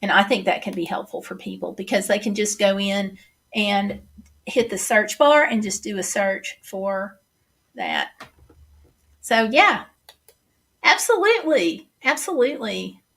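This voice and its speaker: A woman's voice: mid-range voice, expressive, a little slow, long pauses, fairly bright tone, slightly rough. A middle-aged woman with a Southern accent hosting a casual livestream, chatting and reading viewer comments aloud. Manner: chatty, reads comments aloud and answers them.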